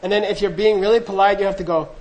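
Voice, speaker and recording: A man's voice: sits high, steady tone, racing, a little mellow, a little hiss or hum, rough recording. A middle-aged man telling a humorous, self-deprecating story to an audience in a loose, anecdotal way, acting out the dialogue. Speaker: speaker recounting monastery training.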